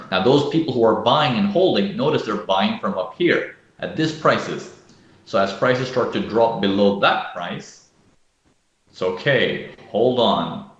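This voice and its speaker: A man's voice: on the low side, roomy sound, dull audio. A man teaching live trading analysis, who often checks in with "okay?" and acts out panicking traders. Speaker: trading educator.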